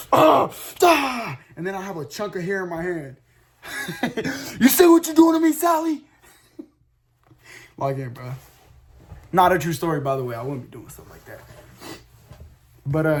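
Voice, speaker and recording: A young man with a fairly high voice tells his viewers a meandering story in casual slang. He swears a lot and breaks into sudden loud shouts and laughter.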